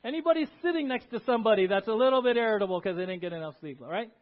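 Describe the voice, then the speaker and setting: A male pastor preaching a sermon in a church. He is animated and emphatic and asks the congregation questions. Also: sits high, rapid-fire. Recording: dull lo-fi recording.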